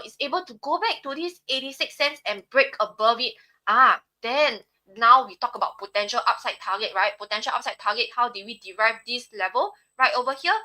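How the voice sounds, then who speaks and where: A woman's voice: a little high, pushed and bright. A young woman with a Singaporean accent walking viewers through stock charts on a live stream, checking in often with "right?". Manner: explanatory, frequent "right?" tags. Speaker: trading analyst on a live stream.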